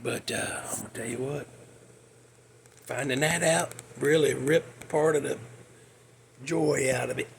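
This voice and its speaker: A man's voice: high-pitched, vocal fry, a little hiss or hum. A man, ranting bluntly in a folksy way as a podcast host. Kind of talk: casual monologue.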